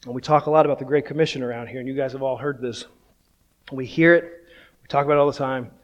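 A man's voice: mid-range voice, steady tone, quick pace, muffled recording. Conversational man preaching a sermon. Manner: conversational, self-deprecating storytelling with repeated "right?". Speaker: pastor.

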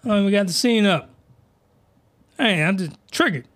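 Lively ranting man, dry close sound. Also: high-pitched, unhurried, no room sound. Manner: excitable, slangy, rambling, mocking. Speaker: podcast host reviewing anime. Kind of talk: comedic rant.

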